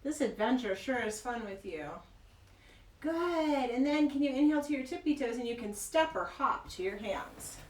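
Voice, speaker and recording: A woman teaching a kids' yoga class, gentle, playful and encouraging as she guides a child through poses. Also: high-pitched, lively intonation, normal speed, distant mic. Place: yoga studio. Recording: echoey room, mic from afar.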